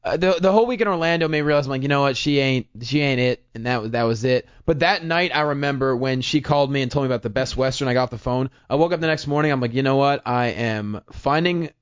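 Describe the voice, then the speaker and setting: A man's voice: medium pitch, racing, few pauses, clear, resonant tone. A man, a comedian, telling a self-mocking story in casual chat and acting out the voices in it. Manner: animated, self-mocking, acts out quotes. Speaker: comedian guest. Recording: dull lo-fi podcast audio.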